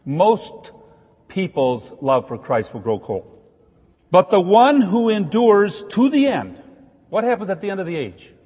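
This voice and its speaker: A man teaching scripture in a loose, chatty way, breaking into jokey asides and hitting key words with rising emphasis. His voice sits a little high and sounds slightly husky. A long reverb trails behind him, as in a large hall. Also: big pitch swings, measured pace, darkish tone. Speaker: Bible teacher. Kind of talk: informal Bible teaching.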